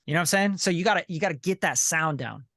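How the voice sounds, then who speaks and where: A man's voice: a little high, expressive, fast talker, pushed and bright, no echo, studio quality. A man coaching a member on a video call, blunt, profane and repetitive, often asking "you know what I'm saying". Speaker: sync licensing coach and group leader.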